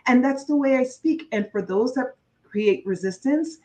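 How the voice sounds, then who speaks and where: A woman's voice: sits high, lively intonation, moderate pace, mellow, rough recording. A woman guest coach speaking earnestly and from the heart in an interview, repeating key phrases for emphasis. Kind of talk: conversational interview.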